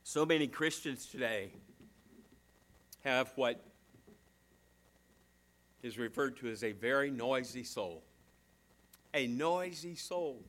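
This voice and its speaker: A man preaching a sermon as a pastor, swinging between emphatic fast bursts and slow hushed phrases. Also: medium pitch, lively intonation. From southern United States.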